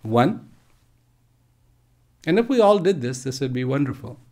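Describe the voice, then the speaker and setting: A man telling a parable and answering questions in a measured way, pausing often. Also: mid-range voice, very animated, darkish tone. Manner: slow, measured, pauses often. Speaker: speaker. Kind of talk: parable and Q&A talk. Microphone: live online stream.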